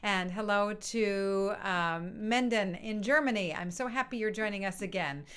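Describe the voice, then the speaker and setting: A woman's voice: mid-range voice, moderate pace, fairly bright tone, clear, resonant tone. A woman hosting an online music session, chatting casually and greeting the participants one by one with frequent laughs. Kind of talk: casual live-stream welcome. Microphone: computer mic on a video stream.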